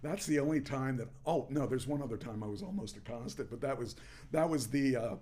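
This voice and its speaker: A man, a former wrestler, telling stories in a casual podcast chat and rising into a loud promo voice when he quotes himself. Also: medium pitch, brisk. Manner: animated, shouts into promo voice when quoting himself. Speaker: former pro wrestler guest. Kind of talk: casual storytelling.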